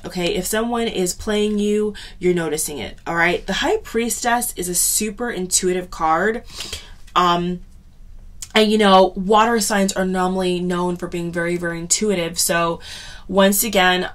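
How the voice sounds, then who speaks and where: A woman giving a casual tarot reading to camera, chatty and subdued, often checking in with "okay?" and "you know". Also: on the low side. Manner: chatty, repeats "okay?" and "you know" often, drags some words slowly; subdued, sighing tone. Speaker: tarot reader.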